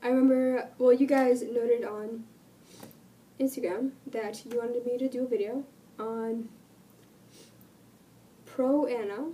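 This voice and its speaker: Woman vlogger, sick and cracking voice, mellow but highish, distant mic, faint background noise. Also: fairly even intonation, takes it slowly, long pauses. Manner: earnest and rambling, with many ums. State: sick, voice cutting in and out. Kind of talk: casual talk to camera.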